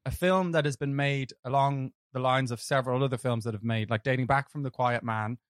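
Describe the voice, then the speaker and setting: A young Irish man co-hosting a podcast, chatting about films in a rambling, animated way. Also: mid-range voice, brisk, smooth, no echo, clean studio sound. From Ireland. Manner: rambling, animated, lots of fillers and restarts. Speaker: podcast co-host. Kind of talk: casual film-review chat.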